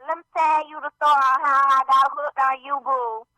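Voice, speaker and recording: A woman's voice: sits high, level tone, normal speed, sharp tone, dry recording, rough recording. A woman voicing a brash, sassy woman caller in a comic voicemail.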